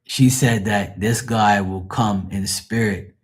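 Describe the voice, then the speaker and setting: Hosting a late-night tarot livestream, this man speaks slowly with a fairly low pitch, a steady tone, and a slightly rough quality. His storytelling rambles and turns profane, and he laughs often at his own tales.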